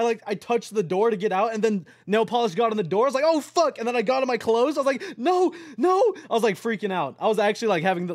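Excitable young man with a high voice. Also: no echo, clean studio sound. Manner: rambling, excitable, swears a lot. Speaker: streamer. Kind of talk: late-night casual stream chat.

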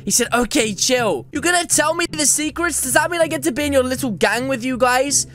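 Excitable guy narrating gameplay. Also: extremely high pitch, fairly quick. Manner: excitable, jokey, talks to other players. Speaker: gaming YouTuber. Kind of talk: gameplay commentary.

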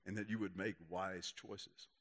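A man voicing his praying grandmother in a lowered, quieter tone. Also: little pitch movement, unhurried. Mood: earnest. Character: gentle older praying grandmother.

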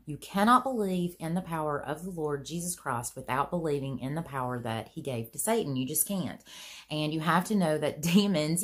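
A woman with a slightly low voice tells a personal story to her vlog audience in an earnest, chatty way. She leans on "you know" and folksy turns of phrase, and her voice leaps upward whenever she gets worked up. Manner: chatty, earnest, pitch swings high when excited; many "you know" fillers, folksy grammar. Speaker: vlogger.

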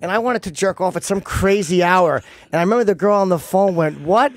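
A man hosts a casual interview with blunt, direct questions. His voice sits notably high for a man. He is recorded close and dry, with no room echo. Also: a little fast. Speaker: talk show host.

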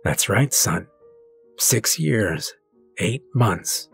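A man voicing a weary, patient old male passenger on a train, speaking softly and quietly. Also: medium pitch, expressive, breathy edge, soft background music, full character voice. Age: older. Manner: soft, quiet, measured.

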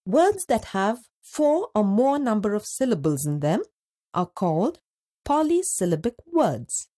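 A woman narrating a scripted school lesson, speaking slowly and deliberately and stretching words out syllable by syllable. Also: medium pitch, very animated, dark tone. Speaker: teacher narrator.

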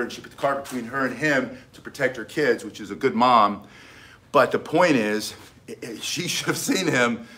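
A man's voice: mid-range voice, fairly bright tone. Emphatic middle-aged man teaching self-defense. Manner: emphatic, repeats key points, restarts sentences. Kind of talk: casual instructional talk.

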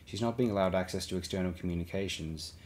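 A man's voice: deep voice, darkish tone, slight background noise, close to an everyday voice. Man reading a guarded woman leader. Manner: careful, guarded, measured. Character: guarded female leader under pressure.

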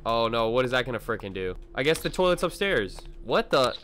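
A young man doing gaming commentary to his chat, loud, excitable, slangy and quick to laugh. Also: medium pitch, slight background noise. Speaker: gaming YouTuber. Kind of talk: let's-play commentary.

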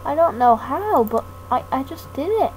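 Gaming woman, high-ish voice, slow rambling delivery, hiss on the home mic. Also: very animated. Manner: slow, hesitant, self-deprecating rambling with many restarts. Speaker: gaming YouTuber. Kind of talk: rambling thank-you talk over gameplay. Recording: noisy home mic recording.

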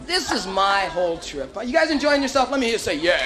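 A man with a Hawaiian Pidgin accent does live stand-up in a comedy club, playfully working the crowd with animated put-on voices. His voice is high and he talks fast with hardly a pause. The clip is a live club recording on vinyl, with hiss and the audience laughing.

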